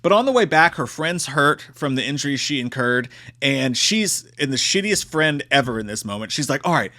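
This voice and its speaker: Animated, profane male movie reviewer. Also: medium pitch, normal speed.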